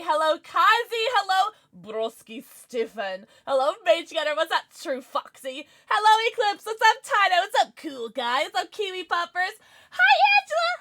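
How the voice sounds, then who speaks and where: A woman streaming a game live, chatting with her viewers in a bubbly, excitable way, sometimes mumbling, sometimes shouting. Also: high voice, dry recording, studio quality. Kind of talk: live gaming stream chat.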